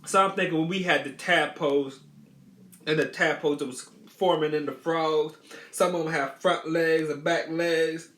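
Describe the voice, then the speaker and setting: A man's voice: a little high, fairly even intonation, moderate pace, a bit bright. Rambling man telling a childhood story. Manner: rambling, repeats phrases, many restarts. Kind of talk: casual storytelling. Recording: roomy echo.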